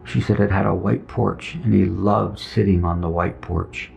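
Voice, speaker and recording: A man's voice: low-pitched, fairly even intonation, moderate pace, creaky. A middle-aged man, a veteran, earnestly recounting a personal testimony and acting out the dialogue. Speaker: veteran telling his story. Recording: dull lo-fi recording with soft music. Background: soft music.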